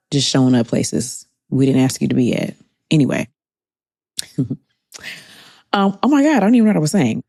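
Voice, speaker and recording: A woman's voice: low voice, darkish tone, dry recording, clean studio sound. A woman co-hosting a podcast, chatting candidly and wryly about her week. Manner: candid, wry, rambling. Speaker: podcast co-host. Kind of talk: casual chat.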